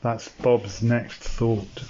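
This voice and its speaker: A man narrating an improvised story in a playful, unhurried way. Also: medium pitch, little pitch movement, mellow, slight background noise. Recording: dull lo-fi sound.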